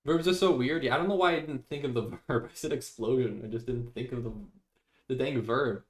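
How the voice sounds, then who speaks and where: A man's voice: mid-range voice, a little fast. A young man streaming live, chatting casually with viewers, reading their messages aloud and laughing often.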